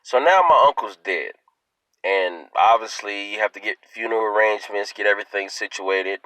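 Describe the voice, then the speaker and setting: A man telling a comic story to his viewers in a playful, animated way. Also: lowish voice, moderate pace, no room sound, poor audio. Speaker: video host.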